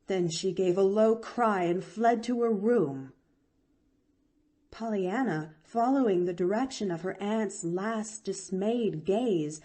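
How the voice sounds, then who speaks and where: Slow, expressive woman narrating a storybook. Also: mid-range voice. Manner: expressive, measured. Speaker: audiobook narrator.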